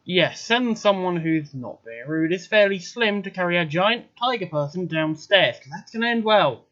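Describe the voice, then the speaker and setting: A man's voice: high-pitched, expressive, moderate pace, a bit bright, dull audio. A man voicing a sarcastic, blunt male character in a tabletop game, with a dry delivery.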